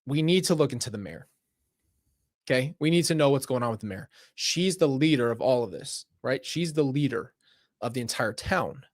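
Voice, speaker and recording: A man live-streaming as he reads an interactive mystery story aloud, excitable, breaking off to laugh and react. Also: fairly high pitch, no room sound, studio quality. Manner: excitable, laughing and reacting between read passages.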